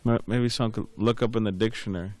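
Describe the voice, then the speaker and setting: A man's voice: fairly low pitch, fairly even intonation, fast talker, a little mellow. A man giving a scripture class, rambling and repeating words with many fillers, telling anecdotes. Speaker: class speaker.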